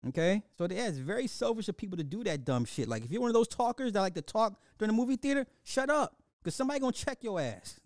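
A man with a fairly high voice rants through a casual movie review, swearing freely and breaking into laughter between lines. His delivery is loose and animated, and the recording is dry and close, with no room sound. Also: very fast, hardly any pauses, no echo. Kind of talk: casual profane rant to camera.

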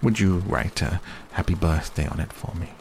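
A man voicing a gentle, simple male teddy bear who speaks slowly and earnestly. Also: low-pitched, creaky, a little hiss or hum.

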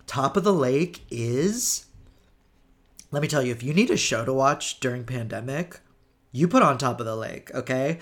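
A young adult man hosting a podcast, chatting casually in campy, gushing rants about films and comics. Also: fairly bright tone. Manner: campy, gushing pop-culture rants with big pitch swings. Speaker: podcast host. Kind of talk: casual chat.

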